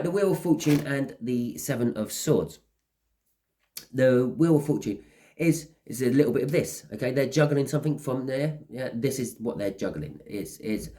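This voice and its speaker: A man's voice: medium pitch, warm tone. Rambling man reading tarot. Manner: rambling, acts out little scenes. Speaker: tarot reader. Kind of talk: casual tarot reading monologue.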